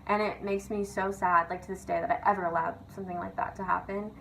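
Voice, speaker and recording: A woman's voice: mid-range voice, little pitch movement, fast talker, vocal fry, a bit bright, a little hiss or hum, poor audio. A young woman vlogger rants casually and confessionally, chatty and sweary, leaning on "like" and "literally". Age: young adult.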